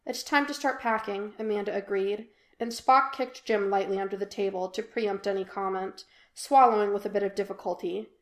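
A woman reads fan fiction aloud as a podfic, her mid-range voice carrying a steady, leisurely storytelling tone. The recording picks up echo from the room.

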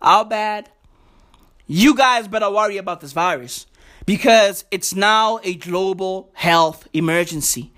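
Sheepish officials shrug off a big blunder in a lowered, slangy, mock-casual tone, as a man puts them on. The delivery is unhurried and comically offhand. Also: fairly bright tone.

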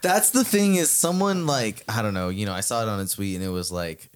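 A man's voice: fairly low pitch, brisk, clear, resonant tone. A young man in casual chat, joking and swearing, often trailing off mid-thought. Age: 20s.

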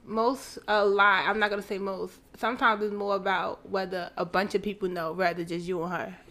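Bright-voiced young woman chatting candidly. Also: medium pitch, little pitch movement, normal speed. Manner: candid, laughs often, talks over others. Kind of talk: casual group chat.

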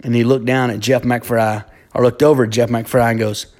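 A man's voice: mid-range voice, little pitch movement, moderate pace, few pauses, darkish tone. A man telling a long personal story in a rambling, casual way, full of fillers and restarts. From Alabama.

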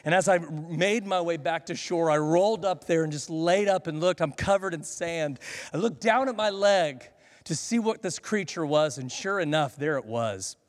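A male pastor preaching a sermon, swinging between loud, pleading questions and hushed, steady reassurance. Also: fairly high pitch, moderate pace, long reverb tail.

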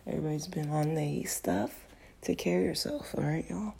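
A woman's voice: low voice, moderate pace, vocal fry, background noise. A young woman hosting a casual solo podcast, talking candidly in slang, her voice groggy and cracking because she just woke up. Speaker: podcast host.

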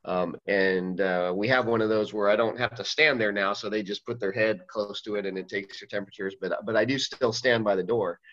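A man who coaches fifth and sixth grade teams, telling a story in casual chat, halting and restarting often. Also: lowish voice, steady tone, fairly bright tone, dull audio.

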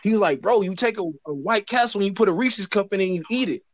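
A man with a notably high voice talks in loose, casual podcast banter. He tells animated stories, swears freely and laughs often. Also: fast, dry recording, highs cut off. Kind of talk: casual chat.

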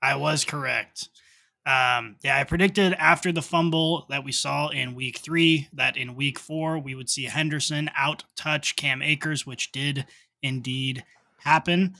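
Podcast cohost dude, kinda high bright voice, confident, matter of fact. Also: male voice, fairly even intonation, a little slow, gravelly. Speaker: podcast co-host. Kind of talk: casual podcast chat.

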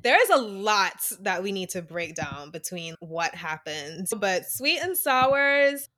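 A woman co-hosting a podcast, chatting casually about a dating show, expressive and quick to laugh and agree. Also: mid-range voice. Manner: expressive, laughs often, frequent mm-hmm agreement. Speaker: podcast co-host. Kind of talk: casual recap chat.

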